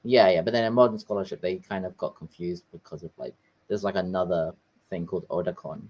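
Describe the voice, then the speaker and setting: A man's voice: low voice, steady tone, a little fast, a little mellow, a little hiss or hum, low-quality recording. A man in a casual discussion, speaking loosely with many fillers. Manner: casual, lots of "like" and "um". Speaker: discussion participant.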